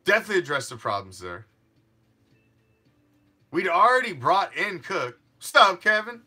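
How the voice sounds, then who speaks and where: A man's voice: on the high side, sing-song, normal speed, sharp tone, husky, faint music behind. A man hosting a fan sports show, ranting in a fired-up, profane and mocking way. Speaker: fan podcast host.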